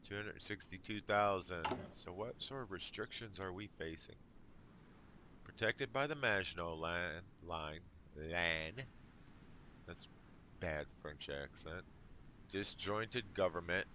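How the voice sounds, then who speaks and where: A man with a very low, bright-edged voice talks through his strategy game in a casual let's play. He thinks aloud at an unhurried pace and drops dry little jokes as he goes. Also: slight background noise. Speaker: gamer.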